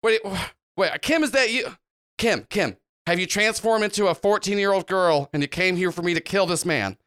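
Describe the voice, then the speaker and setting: A man's voice: sits high, very animated, moderate pace, pushed and bright, full character voice. A man doing a vain, brash mechanic. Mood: suspicious. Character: brash male mechanic, vain protective show-off.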